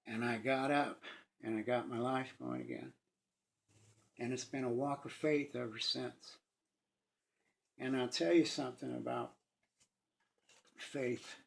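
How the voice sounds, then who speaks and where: A gravelly-voiced man in his fifties, medium in pitch, shares an emotional first-person testimony. His delivery is earnest and halting, full of pauses and restarts, and now and then he's brought to tears.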